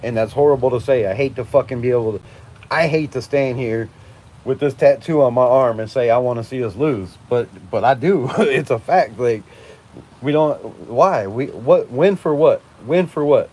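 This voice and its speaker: A man's voice: medium pitch, normal speed, mellow. A man in his forties hosting a live fan stream, ranting with heavy swearing and frequent laughter. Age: 40s. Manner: profane, emphatic, laughing often. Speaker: fan channel host. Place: outdoors at night during a storm.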